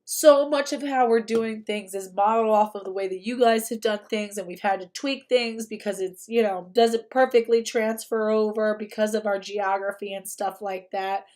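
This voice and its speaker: A woman's voice: medium pitch, fairly even intonation, normal speed, hardly any pauses, darkish tone. A young woman hosting a livestream, talking casually and emphatically and often repeating herself. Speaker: livestream host.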